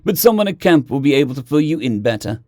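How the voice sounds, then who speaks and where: A man's voice: mid-range voice, sing-song, fast, a little mellow, dry recording, clean studio sound, natural voice. A man doing a laid-back, blunt soldier. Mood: easygoing. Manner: casual, slangy, easygoing.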